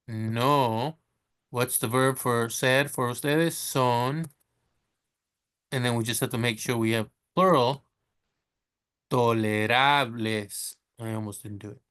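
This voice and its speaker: A man's voice: medium pitch, fairly bright tone. Chatty man teaching Spanish. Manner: chatty, self-correcting, laughs at his slips; slows down to sound out the Spanish words. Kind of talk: casual screen-share lesson.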